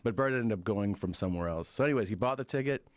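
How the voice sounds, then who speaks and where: A man with a low voice tells a story in loose, casual conversation. He talks close to a dry, dead microphone and jumps into louder, higher voices when he quotes people. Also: fast, no echo. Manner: animated storyteller, acts out quotes in raised voices. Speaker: podcast guest.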